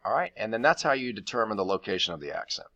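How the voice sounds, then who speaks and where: Bright-toned male teacher explaining grammar. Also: on the low side, very animated, fast, muffled recording. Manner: explanatory, talks through steps with fillers. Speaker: Spanish teacher. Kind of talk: recorded grammar lesson.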